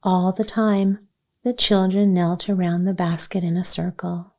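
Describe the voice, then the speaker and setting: A woman gently narrating a children's chapter book as a soothing bedtime story for sleep. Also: lowish voice, steady tone, a little slow. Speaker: audiobook narrator.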